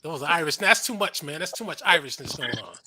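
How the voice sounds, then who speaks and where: A man's voice: on the high side, expressive, fast talker, sharp tone. A man hosting a casual online panel, chatty and joking with callers. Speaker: panel host.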